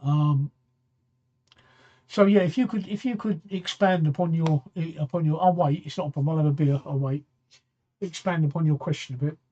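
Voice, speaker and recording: A man's voice: fairly high pitch, moderate pace, mellow, dull audio. Sixty-something man, chatty streamer. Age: 60s. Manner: rambling, repeats phrases, answers viewer comments. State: tired, yawning late at night. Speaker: talk show host. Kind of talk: casual live-stream chat.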